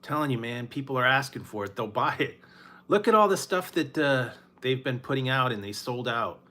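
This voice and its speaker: Laid-back rambling man, bright voice. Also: mid-range voice, expressive, normal speed. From Northern California. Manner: rambling, laughs often, sighs. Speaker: food reviewer. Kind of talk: casual late-night chat.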